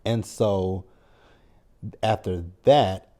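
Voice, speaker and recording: A man recaps a TV episode in a loose, wry, chatty way, swearing freely. His voice is low-pitched and mellow. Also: very slow. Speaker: TV recap channel host.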